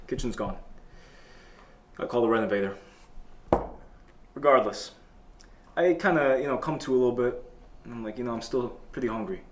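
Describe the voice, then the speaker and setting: A man hosting a comedy talk show, telling a boastful tall tale in a deadpan way. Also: medium pitch. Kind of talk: comedic storytelling. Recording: echoey room.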